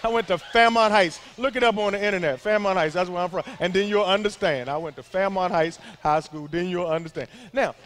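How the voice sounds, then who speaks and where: A man's voice: high voice, fairly quick, hardly any pauses, a bit bright, a little hiss or hum. A middle-aged male pastor giving a sermon to a young crowd, talking in a loose, joking way with asides to the listeners. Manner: conversational, humorous preaching with asides to the crowd.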